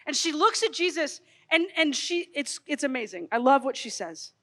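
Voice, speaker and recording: High-voiced woman preaching in a big hall. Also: normal speed. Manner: expressive, storytelling, swings from loud to hushed. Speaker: speaker at youth conference. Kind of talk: animated Catholic youth talk. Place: large hall.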